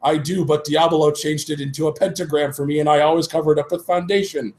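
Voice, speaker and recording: A man's voice: fairly high pitch, fairly even intonation, quick pace, darkish tone, voice pushed up, natural voice. A man voicing a whiny, dramatic goth teenage boy in a fanfic reading. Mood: complaining.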